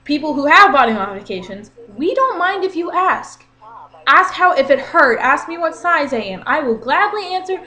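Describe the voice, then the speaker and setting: A woman in her twenties telling an exasperated story in a casual vlog rant, animated and talking with her hands. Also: high voice, moderate pace. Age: 20s. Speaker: vlogger.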